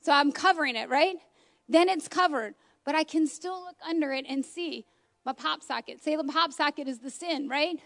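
A woman's voice: sits high, moderate pace, vocal fry, fairly bright tone. A woman, a homeschool mom, giving an informal, passionate, exclamatory sermon into her phone at home.

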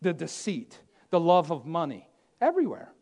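A man preaching a sermon, emphatic and repetitive, swinging between loud declarations and hushed asides. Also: a little high, huge pitch swings, normal speed.

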